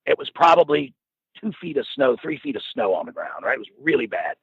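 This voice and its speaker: Gravelly, husky man telling a profane story. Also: medium pitch, very animated, fairly quick, no echo. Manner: profane, rambling, laughs while telling. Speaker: storyteller guest. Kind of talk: casual anecdote telling. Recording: dull lo-fi dry recording.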